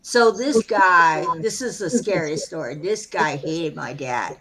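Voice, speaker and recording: A woman's voice: fairly low pitch, unhurried, crowd noise. A woman in a casual late-night chat, telling a story in an earnest, matter-of-fact way.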